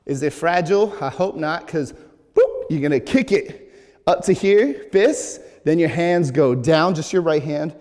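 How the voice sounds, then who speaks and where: Breathless dance teacher counting beats. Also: male voice, fairly high pitch, unhurried, long reverb tail. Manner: energetic, counts beats while dancing. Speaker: dance instructor. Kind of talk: dance tutorial, counting out moves. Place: large echoey dance studio.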